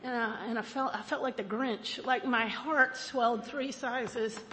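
High-voiced woman telling her story. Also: a little slow, long reverb tail, a little hiss or hum. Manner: animated, self-mocking, laughs often. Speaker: recovery meeting speaker. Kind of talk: personal storytelling talk.

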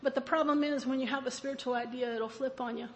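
A woman speaking at a recovery meeting who tells a personal story in an animated, self-mocking way and laughs often. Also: high voice, fast, long reverb tail, slight background noise.

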